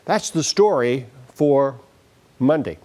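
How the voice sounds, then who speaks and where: A man's voice: mid-range voice, animated, slow, dark tone. A man, a TV meteorologist, giving a weather forecast in a folksy, chatty way with dry humor. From United States.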